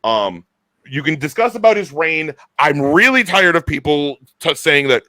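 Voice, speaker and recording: A man hosting a casual chat, talking in an enthusiastic, animated way with quick restarts. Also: a little high, no room sound. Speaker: podcast host.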